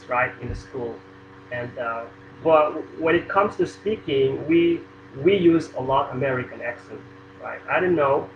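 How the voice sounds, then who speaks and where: Indonesian-accented young man, roomy and muffled. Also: medium pitch. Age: young adult. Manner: halting, with many fillers and restarts. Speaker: university student on a video call. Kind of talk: casual video call chat. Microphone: computer or phone mic on a video call. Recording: roomy, dull sound with air conditioning hum.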